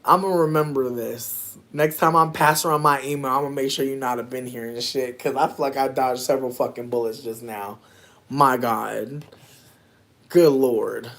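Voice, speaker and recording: A woman, chatting casually on a livestream with her viewers, animated and slangy with loud laughing outbursts. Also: rumbling low, moderate pace. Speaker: livestream host reacting to chat.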